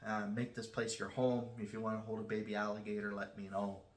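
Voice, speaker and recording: Man voicing a big friendly zookeeper, relaxed, welcoming, low voice, echoey room. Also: a little fast, lightly acted.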